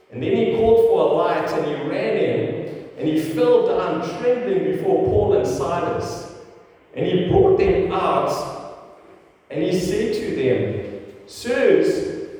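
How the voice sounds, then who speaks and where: Man, pastor, sermon, earnest, mellow, slightly high voice, distant mic, echoey hall. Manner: earnest preaching, addressing a congregation. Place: church.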